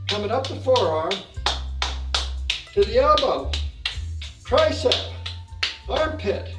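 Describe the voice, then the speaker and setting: A man leading a guided exercise class, calm and encouraging as he counts out the moves. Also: sits high. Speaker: fitness instructor. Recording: echoey room, mic far off.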